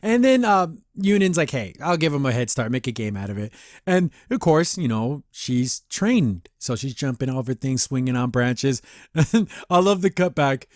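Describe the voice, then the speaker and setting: A man's voice: medium pitch, sing-song, normal speed, no room sound, clean studio sound. A man hosting a podcast, giving a casual, rambling review of a cartoon episode, acting out the characters' lines and laughing often. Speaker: podcast host.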